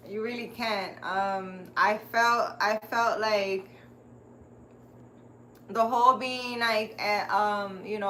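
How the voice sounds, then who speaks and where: A woman's voice: mid-range voice, bright, forceful tone, slight background noise. A woman who hosts her own channel as a spiritual healer, chatting casually and animatedly to her live viewers and laughing often. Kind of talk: casual live-stream chat.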